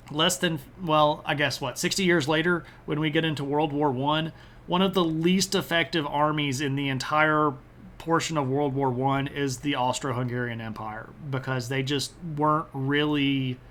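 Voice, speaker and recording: A man with a slightly raised voice talks through history in a loose, joking way. He reads chat names aloud and breaks into quick silly voices for the nations. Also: on the high side, a bit bright. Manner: answers chat by name, chuckles. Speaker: history streamer. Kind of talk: casual live-stream history talk.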